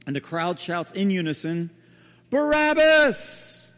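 A man's voice: on the high side, lively intonation, unhurried. Dramatic male preacher in an echoing hall. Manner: dramatic storytelling, dropping to hushed tones. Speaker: pastor. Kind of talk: sermon. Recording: reverberant hall.

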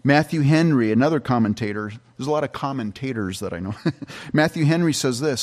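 A man's voice: mid-range voice, animated, fairly quick, darkish tone. A middle-aged man, a pastor, giving a conversational Bible-teaching sermon with frequent restarts and fillers.

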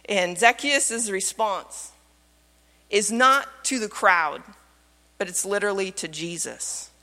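Woman, pastor, expressive sermon, rhetorical questions, bright voice, long church reverb. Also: mid-range voice, slow. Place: church sanctuary.

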